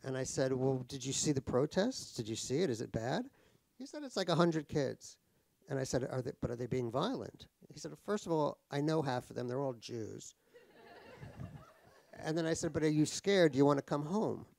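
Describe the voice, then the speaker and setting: On a cultural center stage, an American man who is a guest author tells stories with wry humor, swearing and poking fun at himself. He speaks at normal speed with medium pitch and lively intonation, his voice showing vocal fry and a slightly mellow quality, with no room sound in the recording.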